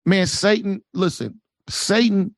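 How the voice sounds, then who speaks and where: A man giving relationship advice as a podcast guest, preachy and animated, acting out quoted voices. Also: sits high, takes it slowly, vocal fry, dry recording.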